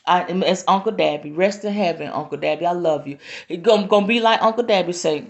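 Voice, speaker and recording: A woman's voice: on the low side, a little fast. A woman, speaking with emphatic, preacherly passion to viewers on a live stream. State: near tears at times. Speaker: spiritual teacher hosting a live stream. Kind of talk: impassioned live-stream monologue. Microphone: phone or webcam.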